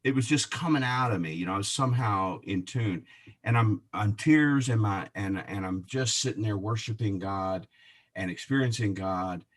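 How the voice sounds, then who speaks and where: A man telling a personal faith story in conversation, animated and laughing often, with many restarts. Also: fairly low pitch, moderate pace. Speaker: guest.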